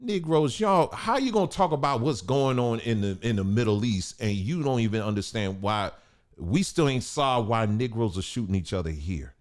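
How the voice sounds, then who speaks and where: A man's voice: mid-range voice, lively intonation, moderate pace. A man hosting a commentary vlog, talking in a preachy, emphatic way and asking rhetorical questions. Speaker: host of a commentary channel.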